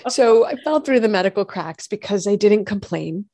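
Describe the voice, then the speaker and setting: A woman, a doctor and host telling her own health story in lively conversation, acting out what others said. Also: mid-range voice, moderate pace, dry recording. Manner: animated storytelling, acts out quoted voices. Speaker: functional medicine gynecologist and podcast host.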